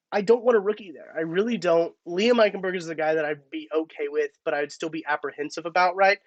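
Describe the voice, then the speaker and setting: A man's voice: fairly high pitch, steady tone, brisk, no room sound. Chatty man hosting a live stream. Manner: chatty, thinks aloud with restarts. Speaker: podcast host. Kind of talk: casual live-stream talk.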